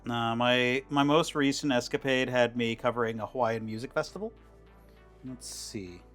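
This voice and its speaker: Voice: mid-range voice, normal speed, fairly bright tone. A cooking streamer chatting casually while making a dish, rambling with many fillers and restarts. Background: faint background music.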